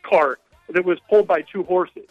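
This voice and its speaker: A man's voice: high voice, moderate pace, no room sound, faint music behind. A male caller telling a long story on a radio call-in show, rambling and hesitant with many fillers. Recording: dull, dry phone line.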